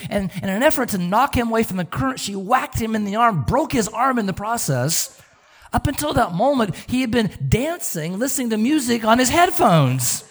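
A male pastor preaching a sermon, telling stories with an animated manner and often repeating words. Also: very high voice.

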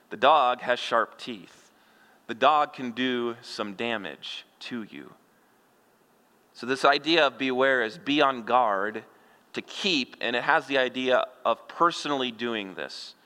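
A middle-aged male pastor delivers an expository sermon in a bright, forceful, medium-pitched voice, weaving folksy humor and rhetorical questions throughout. The sound fills a sanctuary and trails off in a long reverberating tail.

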